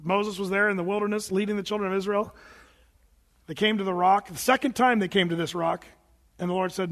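Man, pastor, sermon, high voice, conversational with restarts, long church reverb. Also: fairly even intonation, a little fast, fairly bright tone.

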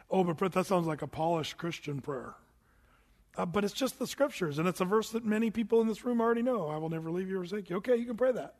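High-voiced preacher in a reverberant hall. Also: male voice, quick pace. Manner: animated storytelling, acts out voices. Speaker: pastor. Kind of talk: sermon. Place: large church hall.

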